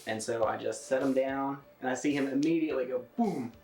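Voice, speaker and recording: A man's voice: mid-range voice, fairly quick, vocal fry, darkish tone, soft background music. A man casually telling an amused anecdote in an interview. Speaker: interviewee, tape collector. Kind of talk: casual storytelling. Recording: roomy echo.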